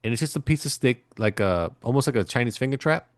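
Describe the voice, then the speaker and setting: A man's voice: mid-range voice, expressive, fast, dry recording, clean studio sound. A man co-hosting a podcast, telling a movie story in a loose, profane, rambling way with plenty of fillers. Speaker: podcast co-host. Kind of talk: casual chat.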